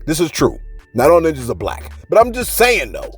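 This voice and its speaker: A man hosting a celebrity gossip channel, talking casually to viewers with animated rhetorical asides and repeated words. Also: a little high, brisk, soft background music. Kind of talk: casual gossip commentary to camera.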